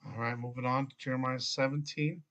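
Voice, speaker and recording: A man reads scripture aloud at home with a middle-pitched, everyday voice. He goes through each verse slowly and steadily, now and then stumbling over a name. Between passages he stops to make a few plain comments. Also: steady tone, fairly bright tone, low-quality recording. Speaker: bible reader.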